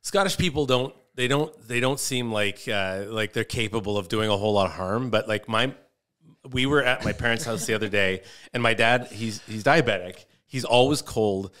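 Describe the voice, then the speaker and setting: A man's voice: on the low side, normal speed, a bit bright. A man who is a comedian, chatting casually as a podcast guest and telling rambling stories about his family. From Canada. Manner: rambling, storytelling with restarts.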